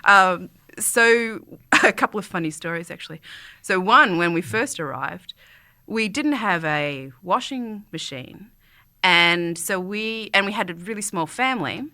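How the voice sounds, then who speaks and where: A woman with a bright, clear voice chats casually as a podcast co-host. Her voice sits in an ordinary middle register and sounds close and dry, with no room around it. She tells her stories with quick, chatty asides. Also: mid-range voice, dry recording. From Australia. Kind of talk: casual chat.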